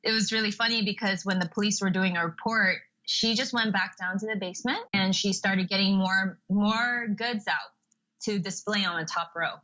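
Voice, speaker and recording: Young woman guest on a podcast, bright tense voice, animated storyteller, kinda dull lo-fi sound. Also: medium pitch, normal speed. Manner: lively storyteller, acts out quotes with laughs. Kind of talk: casual interview chat.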